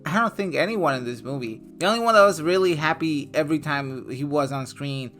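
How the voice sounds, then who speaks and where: A young man talks through a movie review in a loose, rambling way, swearing freely and leaning on filler words. His voice sits a little high for a man. Soft guitar music plays faintly behind him. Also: brisk. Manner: loose and profane, full of "like" fillers. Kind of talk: casual spoken review.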